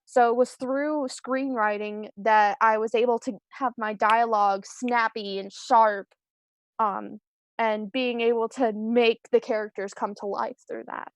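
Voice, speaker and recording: A young woman speaks a little slowly, her fairly high voice fairly even in intonation, as a screenwriter guest chatting casually on a video call for a live-stream interview. She rambles and puts herself down, with many ums and restarts, in a dry recording.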